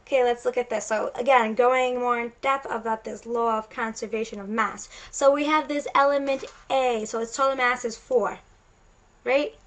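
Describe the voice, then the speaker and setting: Woman, science teacher, casual lecture, fairly high pitch, chatty, self-correcting. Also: fairly even intonation, moderate pace, rough recording. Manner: casual, chatty explaining with many restarts. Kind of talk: recorded classroom lecture.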